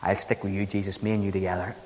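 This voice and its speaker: A man's voice: low-pitched, level tone, fast, a little mellow, big-room sound, a little hiss or hum, pitched below the performer's own voice, natural voice, low-quality recording. A man voicing an impulsive, boastful fisherman in a sermon, blurting out brash lines.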